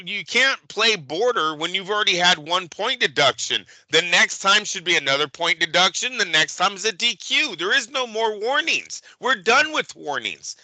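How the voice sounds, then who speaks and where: Fired-up high-voiced man ranting. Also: big pitch swings, moderate pace, hardly any pauses, sharp tone, no echo, rough recording. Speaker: boxing show co-host. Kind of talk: heated casual podcast chat.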